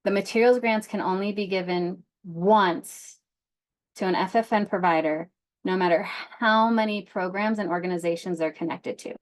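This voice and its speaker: A woman presents a grant information session in a loose, conversational way, often filling her pauses with "like" and "um." Her pitch sits at an ordinary middle height. She moves between explaining the rules and answering questions from the group. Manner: casual, many "like" and "um" fillers.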